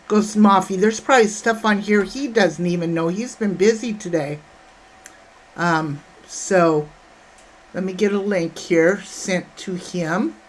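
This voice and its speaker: Slow-talking woman hosting a livestream. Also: medium pitch. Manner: greets chat viewers by name, calls them honey and sweetheart. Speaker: livestream host. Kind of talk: casual livestream chat. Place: at home.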